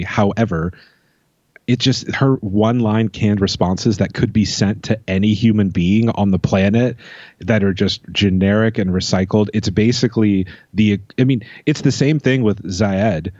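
A man's voice: fairly low pitch, normal speed, a little mellow, no echo, lo-fi sound. A man co-hosting a podcast in casual chat, sarcastic and swearing freely. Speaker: podcast co-host.

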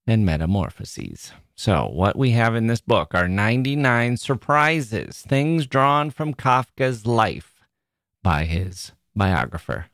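A man's voice: mid-range voice, a bit bright, no room sound, studio quality. A man hosting a literature podcast, chatting wryly and then reading a passage aloud. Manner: chatty, wry, self-correcting. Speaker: podcast host. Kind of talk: casual solo podcast talk and reading aloud.

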